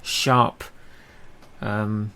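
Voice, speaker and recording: A man's voice: lowish voice, little pitch movement, drawn-out words, sharp tone, clean tone. A man with an Australian accent co-hosting a casual podcast, chatty, with lots of ums and frequent laughs. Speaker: podcast co-host. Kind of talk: casual chat.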